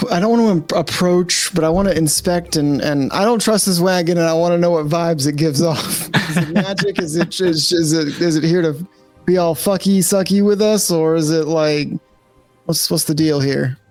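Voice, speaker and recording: Excitable, rambling man at a tabletop game, fairly high voice. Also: moderate pace, soft background music. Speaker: player. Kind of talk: casual chat.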